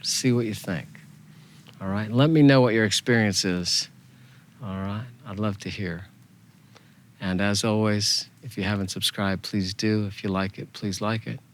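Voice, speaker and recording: A man with a lowish voice talks very slowly as he guides a meditation. His delivery is gentle and unhurried, with soft repeated phrases. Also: fairly even intonation, slight background noise. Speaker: meditation teacher. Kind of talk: spiritual teaching talk.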